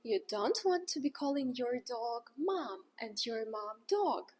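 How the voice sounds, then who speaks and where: In a scripted lesson, a female language teacher performs each sound with exaggerated pitch, animated and slow-paced. Her breathy voice sits on the higher side with a darkish tone, and her intonation swings widely.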